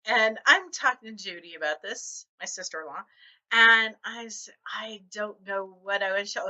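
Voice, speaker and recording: A woman's voice: a little high, unhurried. A middle-aged woman vlogging about her writing, telling stories animatedly and acting out other people's reactions. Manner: animated storytelling, acts out quoted reactions. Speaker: novelist vlogger. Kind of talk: casual talk to camera. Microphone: camera mic. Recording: dull lo-fi camera audio.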